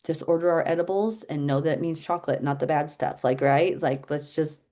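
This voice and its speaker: A middle-aged woman leading a casual Bible teaching chat, telling stories in an animated, chatty way. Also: low-pitched, a little fast. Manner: chatty, animated storytelling, laughs often.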